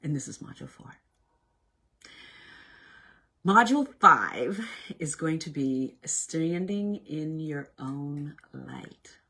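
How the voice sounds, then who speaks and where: Woman, husky voice, slightly low pitch, self-help workshop talk, animated, loud to hushed. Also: takes it slowly. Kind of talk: casual motivational workshop talk.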